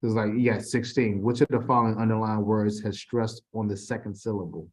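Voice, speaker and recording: A man's voice: on the low side, fairly even intonation, brisk, hardly any pauses, darkish tone. A man tutoring a student in a casual session, reading quiz questions aloud with frequent restarts. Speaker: TESOL instructor.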